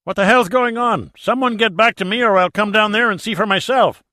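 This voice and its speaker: A man playing an excitable older ship captain who shouts and blusters over the radio. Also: on the high side, brisk, no echo, studio quality, voice pushed up. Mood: shouting.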